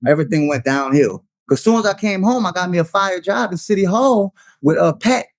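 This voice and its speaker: A man's voice: high voice, a little fast, dry recording, studio quality. A man, telling long stories in casual talk and calling people "son" and "dog" as he goes. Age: 30s. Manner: animated storyteller, slangy, says "son" and "dog" often. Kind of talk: casual storytelling.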